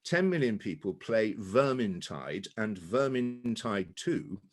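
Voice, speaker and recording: A man with a southern English accent, a guest actor chatting casually and telling animated stories that slip into voices. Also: lowish voice, slow pace. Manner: animated storyteller who slips into voices. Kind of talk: casual chat.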